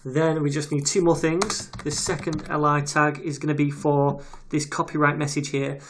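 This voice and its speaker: Easygoing male tutor voicing a screen recording, relaxed and chatty, keyboard clicks underneath. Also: a little high, moderate pace. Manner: casual, chatty, reads details aloud while typing. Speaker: web development tutor. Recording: audible keyboard typing noise. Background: keyboard clicks and typing.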